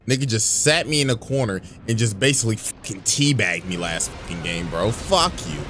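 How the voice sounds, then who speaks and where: A man's voice: medium pitch, expressive, normal speed, a bit bright, faint music behind. A young man commentating his own gameplay, cursing and screaming outbursts at the game as he plays. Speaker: gaming YouTuber.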